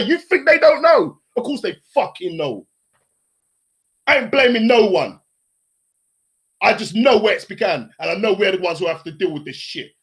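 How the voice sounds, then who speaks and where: Furious high-pitched man ranting. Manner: furious, profane, shouting rant. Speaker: panelist on a live stream. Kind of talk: angry live-stream rant.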